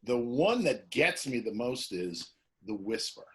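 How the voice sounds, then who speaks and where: A man's voice: medium pitch, measured pace. A radio personality man in a casual comedic chat over a video call, laughing often as he tells stories. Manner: laughs often, animated storytelling.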